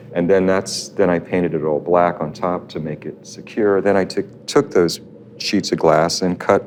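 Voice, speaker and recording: Deep-voiced older man telling stories. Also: a little mellow, slight background noise. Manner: rambling, self-correcting storyteller who acts out the people he quotes. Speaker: artist interviewed in a documentary. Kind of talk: anecdotal storytelling interview.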